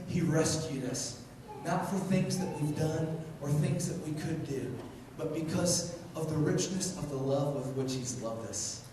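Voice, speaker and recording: A man preaching a passionate sermon, repeating phrases and swinging from loud to hushed, recorded in a large church hall. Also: high voice, noisy background. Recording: echoey hall, mic far off, faint ambience.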